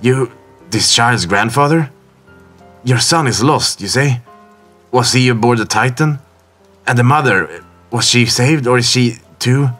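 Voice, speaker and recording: A humble, eager young sailor, played by a male narrator speaks earnestly in a lifted storybook voice. The tone stays low yet bright, over faint music. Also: normal speed.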